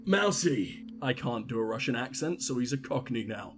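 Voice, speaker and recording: A man's voice: medium pitch, fairly quick, faint music behind. A man giving crude, sarcastic and profane commentary while playing a video game, often talking back to the characters on screen. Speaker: gaming video host. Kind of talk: let's-play commentary.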